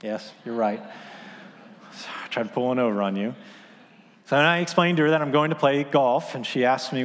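A man's voice: medium pitch, lively intonation, a little fast, long pauses, long reverb tail. A man in his thirties preaching a sermon, telling a story in a casual, conversational way with filler words. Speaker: pastor.

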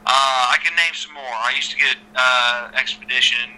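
A man, a former wrestler, telling stories as a podcast guest in an animated, chatty way with lots of repeated starts. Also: medium pitch, normal speed, rough recording. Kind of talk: casual storytelling interview.

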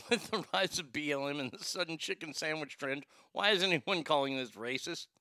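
A Texan man ranting casually about fast food, swearing a lot and stumbling over restarts. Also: on the high side, pushed and bright, no room sound, studio quality. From Texas. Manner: profane, rambling, stammering restarts. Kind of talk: casual rant.

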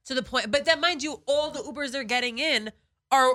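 A young woman adds wry, laughing side comments to a friend's story in casual podcast chat. Her voice sits high and sounds bright and forward. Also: fairly quick. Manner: chiming in with wry, laughing remarks. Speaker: podcast co-host.

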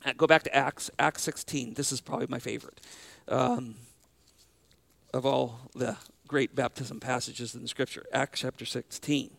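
A man preaching a sermon as pastor, slowing down to stress key phrases and repeating words as he restarts. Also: medium pitch, steady tone, vocal fry, fairly bright tone, no room sound.

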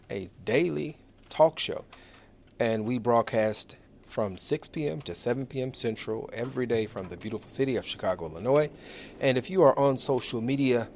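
A man in his forties hosting a live radio talk show from a studio, chatty, friendly and upbeat as he runs through announcements. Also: medium pitch.

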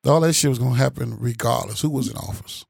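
Gravelly, blunt-talking man. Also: mid-range voice, quick pace, dry recording, studio quality. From Chicago area. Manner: blunt, profane, gets loud and animated. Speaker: panel commentator. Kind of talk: casual political chat, heated.

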